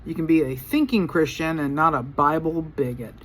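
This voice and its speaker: A woman's voice: deep voice, moderate pace. A woman preacher giving a casual Bible lesson to camera, chatty and playful, with slangy asides. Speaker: preacher teaching Bible study.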